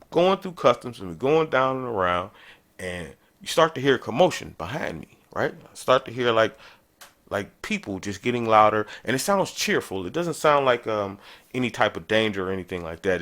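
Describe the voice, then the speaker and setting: Animated male podcast host telling stories. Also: normal speed. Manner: animated, conversational, jumps in pitch for emphasis. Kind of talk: casual storytelling.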